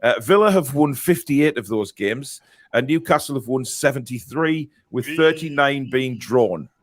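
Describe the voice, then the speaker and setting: A man hosting a football podcast, chatty and quick to laugh, reading out listener comments and match statistics. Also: mid-range voice, animated. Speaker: podcast host. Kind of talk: casual chat.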